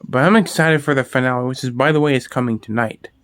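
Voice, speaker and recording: A man chatting casually into a close mic, his voice smooth and resonant. He rambles, swears freely and restarts his sentences often. The sound is dry, with no room around it. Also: medium pitch, fast, a bit bright, no echo. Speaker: video host. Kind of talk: casual horror movie talk.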